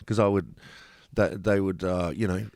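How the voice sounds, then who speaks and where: A middle-aged man with a fairly low voice tells a story in a relaxed interview. He is blunt, swears freely and acts out the dialogue. The sound is dry and close. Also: moderate pace, dry recording. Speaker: company founder and CEO.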